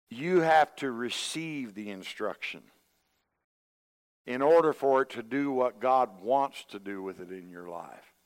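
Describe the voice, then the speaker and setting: A man's voice: mid-range voice, big-room sound. A man preaching a sermon, folksy and storytelling, acting out the voices he quotes. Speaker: pastor.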